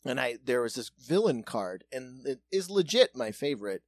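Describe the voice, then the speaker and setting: A man's voice: medium pitch, big pitch swings, moderate pace, dry recording. A man from South Dakota co-hosting a casual chat, talking loosely with lots of swearing and laughter. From South Dakota, USA. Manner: loose, profane, laughing banter.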